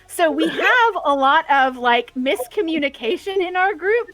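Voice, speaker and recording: A woman's voice: very high voice, expressive, a little slow, fairly bright tone, no echo. A woman chatting casually on a show, telling rambling stories full of tangents. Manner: rambling, tangent-prone storytelling. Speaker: podcast co-host. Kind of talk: casual chat.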